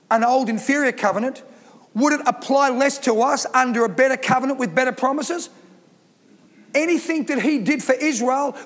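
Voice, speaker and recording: High-voiced man preaching in a reverberant hall. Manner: emphatic preaching, reads scripture aloud. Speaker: pastor. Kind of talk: sermon.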